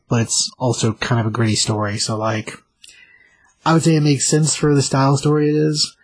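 A man's voice: medium pitch, a little mellow, husky, no room sound. A man co-hosting a comic book podcast, chatting loosely and hedging his opinions. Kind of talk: casual chat.

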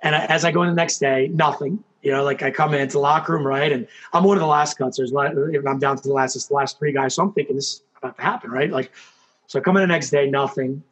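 A man telling his story as an interview guest, animated, acting out what people said, with lots of fillers. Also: mid-range voice, fast talker. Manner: animated storyteller, acts out quotes, many fillers. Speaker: guest, hockey coach and former player.

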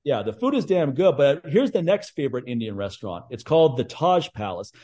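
A man hosting a casual chat, telling stories in a blunt, profane, animated way. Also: medium pitch, a little fast. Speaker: podcast host.

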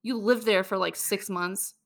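A young woman hosting a podcast, telling stories in a chatty, animated way. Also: mid-range voice, measured pace, vocal fry. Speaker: podcast host. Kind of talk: casual chat.

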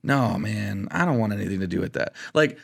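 A man co-hosting a podcast in loose, casual conversation. He talks in an excitable, animated way and keeps dropping "dude" into his sentences. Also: fairly low pitch, a little fast, gravelly, husky. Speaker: podcast co-host. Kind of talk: casual chat.

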